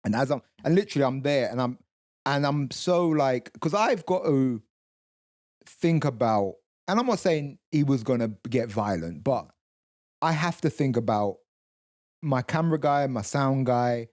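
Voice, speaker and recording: This male podcast co-host's long, casual story is full of restarts, quoted voices, and profanity. He sounds animated yet measured in pace, with a medium pitch and darkish tone.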